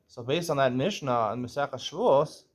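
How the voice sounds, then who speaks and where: A man teaching a page of Talmud. He reads the Aramaic, explains it in English, keeps asking "right?", clears his throat now and then, and sometimes corrects himself as he goes. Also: medium pitch, lively intonation, normal speed.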